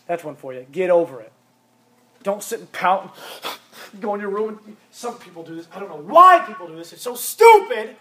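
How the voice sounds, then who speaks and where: A man's voice: high-pitched, bright, forceful tone, breathy edge. A man preaching a sermon to young people, blunt and emphatic, often repeating his points. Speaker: youth pastor.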